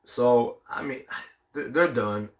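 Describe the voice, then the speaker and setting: Male sports-talk co-host with a cold, measured and hedging delivery. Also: medium pitch. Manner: measured, hedging with fillers and "I mean". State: has a cold, sucking a throat lozenge.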